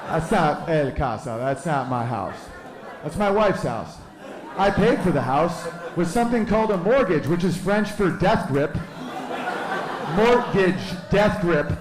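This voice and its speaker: A male comedian in his thirties works a live room with a slightly high voice. His delivery is loose and rambling, peppered with goofy put-on voices. The sound carries the echo of the club. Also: lively intonation, a little slow, crowd noise. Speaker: stand-up comedian. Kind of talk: stand-up comedy set. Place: live comedy venue with audience.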